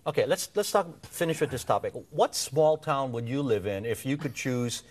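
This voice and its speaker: Lively, upbeat talk show host man. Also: medium pitch, moderate pace. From Hawaii. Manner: upbeat, joking, reads viewer messages.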